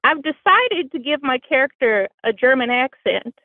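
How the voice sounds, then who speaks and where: A woman from Bloomington, Indiana, with a Southern American accent phones in to a podcast, talking in a dry, self-deprecating way. Her voice is high with lively intonation at normal speed, and the recording is dry over a tinny phone line.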